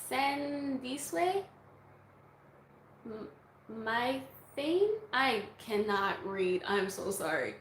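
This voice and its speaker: A woman's voice: on the high side, animated, extremely slow, roomy sound, a little hiss or hum, poor audio. A woman vlogger answering viewer questions in a casual, chatty way, laughing often. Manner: chatty, laughs often, breaks into song snippets. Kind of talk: casual Q&A chat.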